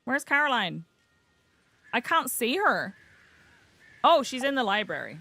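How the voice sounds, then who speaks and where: A young British woman giggles and chats casually while livestreaming a farming game, poking fun at herself along the way. Her higher voice swings widely in pitch, unhurried yet bright and forceful.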